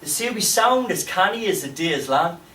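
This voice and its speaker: A man with a Geordie accent performing spoken-word poetry on stage, with dramatic delivery and sudden loud bursts. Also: sits high, expressive, normal speed, recorded from a distance. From North East England. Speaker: poet. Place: pub venue with a live audience. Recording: roomy live pub recording from afar.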